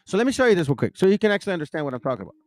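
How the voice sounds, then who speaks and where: A man's voice: high voice, very animated, very fast, darkish tone, no echo. Man teaching scripture in a dry, close sound. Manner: rambling, self-correcting, stumbles over names. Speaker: bible teaching channel host. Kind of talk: casual religious teaching and scripture reading.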